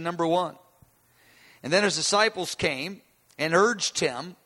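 Bright-voiced preacher man in a reverberant hall. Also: on the high side, measured pace. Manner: conversational Bible teaching with restarts. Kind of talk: sermon.

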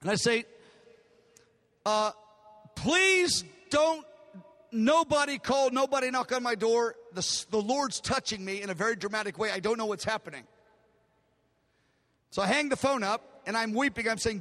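An older male pastor preaches a sermon in a large hall, where the long reverb lingers. His voice is extremely high and fairly bright, moving at a moderate pace with long pauses as he retells a story with emotion and drama, acting out the dialogue.

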